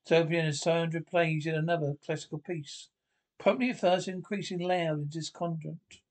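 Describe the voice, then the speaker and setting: Male reader, somewhat high voice, reads radio-script stage directions aloud with halting restarts. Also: fairly even intonation.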